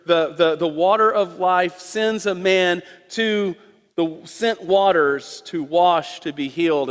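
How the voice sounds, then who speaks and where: Male preacher with a high voice, animated sermon storytelling, reverberant sanctuary. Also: slow pace. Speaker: pastor. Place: church sanctuary.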